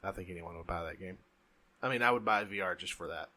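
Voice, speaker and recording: A man's voice: sits low, quick pace, bright, forceful tone. A man co-hosting a podcast in casual chat, talking emphatically and ranting with strong opinions. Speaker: podcast co-host.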